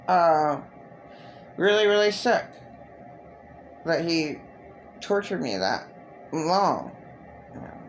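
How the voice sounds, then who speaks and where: A woman speaking alone to camera in a slow, unhurried personal monologue. Her voice has a gravelly fry, and her sentences stall and restart. She swears freely, with a faint hum of room ambience behind her. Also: deep voice. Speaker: vlogger.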